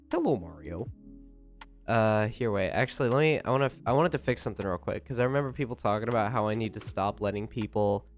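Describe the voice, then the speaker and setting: A young adult man streaming live, chatting casually and greeting viewers by name, recovering from a cold, with loud excited bursts when he thanks people. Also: on the low side.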